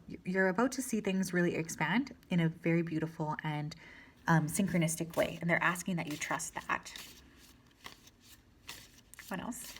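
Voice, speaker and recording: A woman with a slightly low voice reads tarot cards for her viewers. She speaks gently and reassuringly, in a loose, chatty way with filler words. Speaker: tarot reader. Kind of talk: channeled tarot reading.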